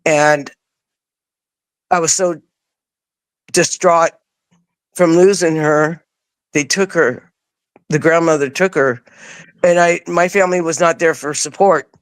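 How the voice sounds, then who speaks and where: A woman's voice: low voice, slow, pauses often, clean tone, no room sound. A woman as an interview guest, telling a personal story in casual words and acting out what she said back then. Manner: animated, acts out her own past words; casual, informal wording.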